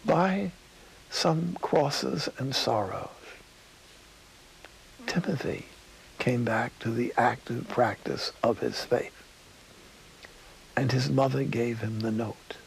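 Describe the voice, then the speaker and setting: A man preaching a sermon in a studio, telling stories slowly and dropping to a whisper for emphasis. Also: mid-range voice, gravelly, slight background noise, low-quality recording. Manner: storytelling, slow, drops to a whisper for emphasis.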